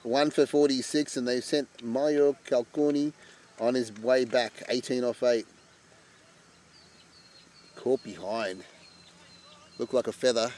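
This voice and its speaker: A man giving chatty live commentary on an amateur cricket match. He breaks into loud excitement at wickets. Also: medium pitch, slow, pauses often, a little hiss or hum.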